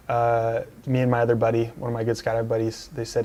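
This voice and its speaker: Fast-talking man telling a story. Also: mid-range voice, monotone, a little mellow, slight background noise. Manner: rambling, filler-heavy anecdote telling. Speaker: guest. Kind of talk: casual storytelling interview. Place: dealership lounge couch.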